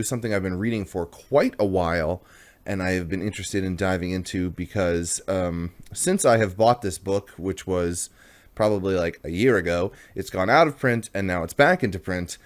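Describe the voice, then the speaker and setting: Deep-voiced chatty man hosting a review. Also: moderate pace. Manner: chatty, rambling, self-deprecating. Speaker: comics review host. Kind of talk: casual video review.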